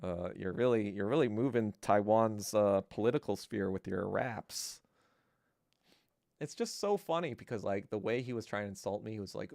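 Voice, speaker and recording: A man's voice: fairly low pitch, moderate pace, vocal fry, no room sound, clean studio sound. A middle-aged male podcast host in a profane, mocking monologue, telling stories and ranting. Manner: profane, mocking, animated storytelling.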